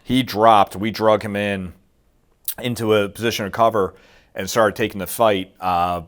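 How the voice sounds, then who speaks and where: A middle-aged man with a somewhat low voice tells a war story in a casual interview. He acts out the quotes of the people in his story and swears freely along the way. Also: fairly even intonation, normal speed. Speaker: guest, military veteran.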